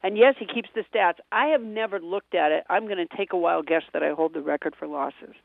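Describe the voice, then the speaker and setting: A middle-aged woman comedian rambles through self-deprecating stories with a gravelly, creaky edge. She comes through a tinny phone line, dry and close, with no room sound. Her voice sits in a middle pitch. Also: a little fast, dry recording. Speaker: comedian and quiz show panelist. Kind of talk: radio interview storytelling.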